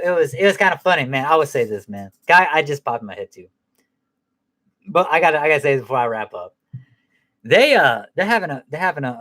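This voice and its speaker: A man's voice: mid-range voice, fairly bright tone. Rambling, foul-mouthed man reviewing a film. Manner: rambling and profane, with many restarts and "man" tags; laughs at his own jokes. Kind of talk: casual film review chat.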